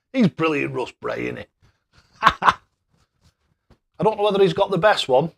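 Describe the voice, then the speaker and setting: A man's voice: on the high side, lively intonation, unhurried, gravelly, bright, forceful tone. A man hosting a casual live stream, chatting away and thanking viewers by name with matey banter. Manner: matey banter, calls people mate.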